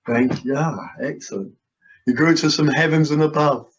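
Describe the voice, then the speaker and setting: A man's voice: on the high side, fairly even intonation, moderate pace, noisy background. A man working as a hypnotist, leading a guided session with soothing, repetitive suggestions over a video call. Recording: dull lo-fi video call audio.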